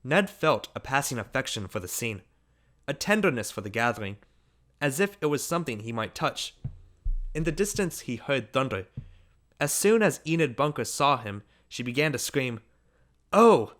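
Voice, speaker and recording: A man reading a literary short story aloud as an audiobook narrator, in a measured, unhurried manner. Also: medium pitch, very animated, fairly bright tone.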